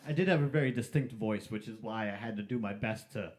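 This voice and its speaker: A man's voice: on the low side, fast talker. Rambling man telling a wrestling story. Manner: rambling, with many fillers and restarts. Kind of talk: casual storytelling on a livestream.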